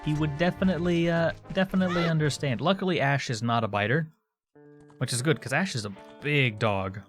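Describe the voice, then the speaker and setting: This man's voice sits on the high side and moves a little quickly. Streaming a game from home with its music playing behind him, he rambles through casual gameplay chat with his viewers.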